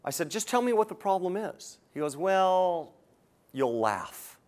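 Animated older male sales trainer. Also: high voice, unhurried. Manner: animated, acts out both sides of phone calls. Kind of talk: storytelling sales seminar.

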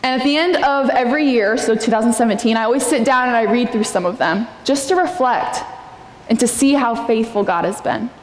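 A woman's voice: on the high side, fairly quick. A young woman preaching a sermon in a church, earnest and personal, sometimes acting out prayers in a raised voice. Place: church sanctuary. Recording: echoey hall with long reverb.

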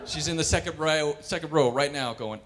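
A man performing wry, animated stand-up comedy on a cultural center stage. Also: a little high, fairly quick. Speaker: comedian and pianist.

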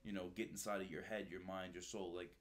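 Man, podcast host, low voice, animated storyteller, casual chat, curses freely. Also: fast.

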